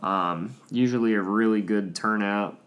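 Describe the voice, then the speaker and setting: A man hosting a casual car podcast, relaxed and rambling, swearing freely and trailing off with ums. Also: on the low side, a little slow. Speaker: podcast host.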